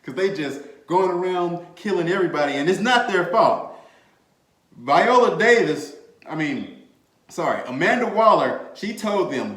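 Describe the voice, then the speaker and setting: A man hosting a podcast, chatting casually about a movie in an animated, slangy way, laughing and swearing freely. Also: high voice, unhurried. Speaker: podcast host. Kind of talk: casual movie review chat. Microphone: desk mic, bumped at times. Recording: echoey room.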